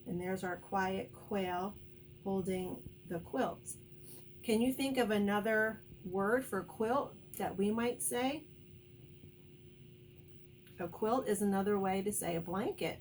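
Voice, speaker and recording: A woman teacher reading a picture book aloud to young children, speaking slowly, clearly and encouragingly. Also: medium pitch, distant mic, slight background noise.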